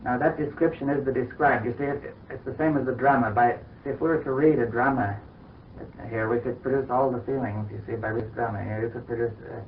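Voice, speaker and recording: A man in a philosophical conversation who reasons slowly and hesitantly, explaining step by step and leaning on "you see.". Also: medium pitch, fairly even intonation. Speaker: scientist in discussion. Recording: distant, tinny archival recording with faint hiss.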